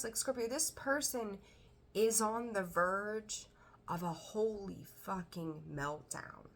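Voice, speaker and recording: A woman's voice: medium pitch, lively intonation, takes it slowly, a bit bright. A woman giving a casual tarot reading, talking bluntly and chattily, swearing now and then. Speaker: tarot reader.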